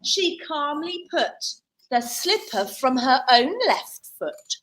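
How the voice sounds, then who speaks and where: A woman teacher leads a storytelling assembly in a school hall, playfully directing the children through the tale. Her high, bright voice swoops animatedly up and down, and she takes her time over each line. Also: expressive, slow pace.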